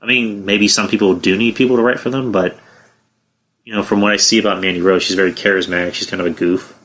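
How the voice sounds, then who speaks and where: A man's voice: fairly low pitch, steady tone, quick pace, fairly bright tone. A man hosting a podcast, giving blunt, profane opinions in a rambling casual way with many fillers. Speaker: podcast host. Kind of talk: casual wrestling commentary.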